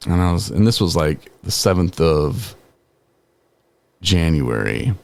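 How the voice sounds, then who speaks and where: A man's voice: low-pitched, a little slow, creaky, darkish tone, dry recording. A man in his forties hosting a podcast, telling a personal story in a casual, conversational way with frequent laughs and filler words. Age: 40s. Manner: casual, conversational, peppered with "man" and "you know"; laughs while telling stories. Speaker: podcast host.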